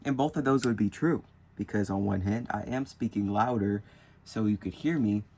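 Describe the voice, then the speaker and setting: Drawing with colored pencils, a young man rambles casually about spirituality in his vlog, thinking out loud. He speaks at normal speed in a lowish, darkish voice, with a faint hiss or hum on the recording.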